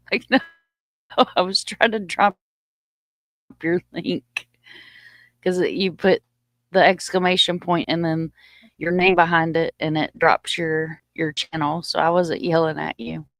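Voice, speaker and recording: A woman's voice: deep voice, level tone, unhurried, long pauses, no echo. A woman hosting a casual live stream and chatting informally with her viewers, a little short of breath. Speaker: livestream host. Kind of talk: casual livestream chat.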